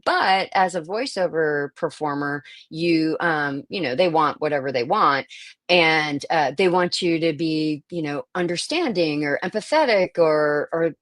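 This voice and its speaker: A woman's voice: low voice, lively intonation, unhurried, no echo. A woman voiceover performer and actor talking through her craft in an interview, thoughtful and full of fillers and restarts. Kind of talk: interview conversation.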